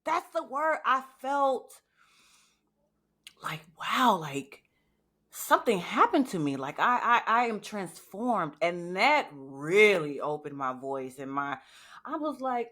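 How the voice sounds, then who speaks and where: A woman's voice: mid-range voice, very animated, takes it slowly, a bit bright. A woman hosting a podcast, talking candidly and swearing freely in casual conversation. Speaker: podcast host.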